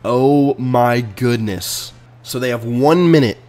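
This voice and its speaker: A man casually commenting on his own video game match, excitable and swinging between low muttering and sudden loud outbursts. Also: takes it slowly. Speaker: video game player and channel host. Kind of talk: casual let's-play commentary.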